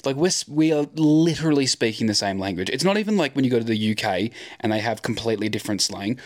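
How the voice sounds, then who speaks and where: A man's voice: medium pitch, animated, quick pace. A young Australian man hosting a casual podcast, rambling and sarcastic, swearing freely. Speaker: podcast co-host.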